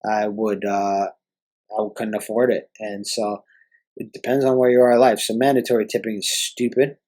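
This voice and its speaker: A man's voice: on the low side, level tone, moderate pace, a little mellow, poor audio. A young man hosting a podcast, ranting in an exasperated, profane way. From Canada. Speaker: podcast host.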